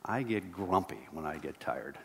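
A man's voice: sits low, lively intonation, moderate pace, gravelly, a bit bright. A middle-aged man preaching a sermon as pastor, earnest and building to emphatic repeated lines. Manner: earnest, rising to emphatic repetition. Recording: long hall reverb.

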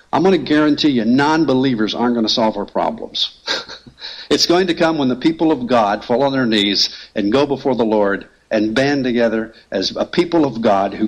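A man's voice: medium pitch, a bit bright, rough recording. A man preaching a sermon as pastor, earnest and emphatic, hammering home key phrases through repetition.

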